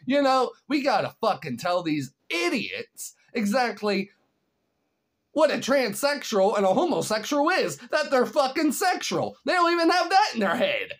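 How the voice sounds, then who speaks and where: A vlogger ranting to camera, blunt and profane, swinging from heated outbursts to low, weary grumbling. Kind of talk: solo ranting commentary to camera.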